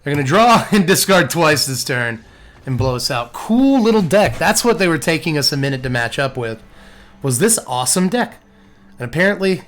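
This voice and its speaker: A man's voice: mid-range voice, a bit bright. A man giving wry, laid-back play-by-play commentary on a card game. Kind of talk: casual gameplay commentary.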